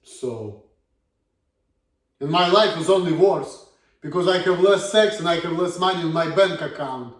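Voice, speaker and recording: A Russian-accented vlogger in his thirties rants bluntly through a casual monologue, swearing heavily. His fairly high voice moves unhurriedly with frequent pauses. He sounds far from the mic in an echoey room.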